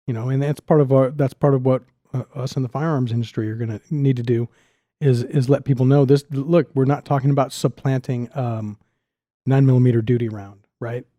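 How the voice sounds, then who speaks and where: A middle-aged man chatting eagerly as a podcast guest, talking quickly with frequent restarts. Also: medium pitch, mellow, dry recording, highs cut off. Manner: enthusiastic, talks fast with restarts. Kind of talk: casual podcast chat.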